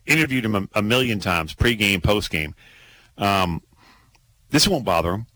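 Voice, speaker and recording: A man hosting a casual sports talk show, excitable and laughing, with many restarts. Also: fairly low pitch, normal speed, rough recording.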